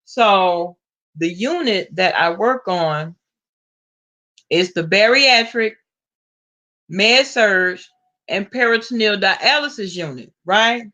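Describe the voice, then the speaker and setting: A woman with a Southern US accent telling stories in a sassy, animated way, laughing often. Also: medium pitch, slow pace, pauses often. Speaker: vlogger. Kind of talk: casual storytelling.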